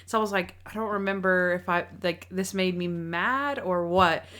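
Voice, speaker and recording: A woman's voice: fairly low pitch, moderate pace. Chatty young woman podcast co-host. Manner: chatty, excited, lots of fillers. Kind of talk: casual chat.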